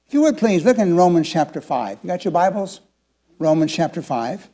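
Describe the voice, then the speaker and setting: Speaking at a moderate pace, an animated seventy-year-old pastor preaches in a distinctly high-pitched voice. His sermon includes questions for the congregation, and he alternates between soft, intimate moments and emphatic statements.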